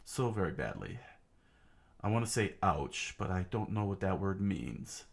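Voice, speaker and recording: A man voicing a wounded, worn-out young swordsman musing to himself in a low, tired way while reading a comic aloud. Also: very animated, measured pace, vocal fry, exaggerated voice. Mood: weary.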